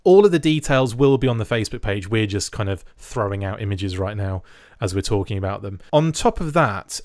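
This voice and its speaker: A man's voice: medium pitch, dry recording, clean studio sound. A man hosting a casual podcast chat, enthusiastic and full of praise. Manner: enthusiastic, quick to laugh and praise. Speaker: podcast host.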